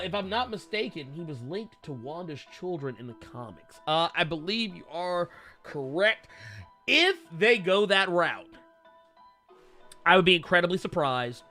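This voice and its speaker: An excitable man chats on a comic book live stream, his voice high and jumping all over. The tone is bright and forceful. He rambles, stumbles and swears as he goes. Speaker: co-host of a comic book talk show. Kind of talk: casual live-stream chat.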